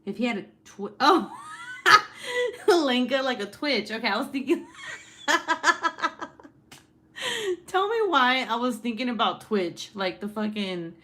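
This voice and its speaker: A woman's voice: a little high, unhurried, pauses often. Laughing, foul-mouthed woman livestreamer. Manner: swears freely, laughs often, animated and chatty. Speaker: livestream host. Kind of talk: casual chat and storytelling.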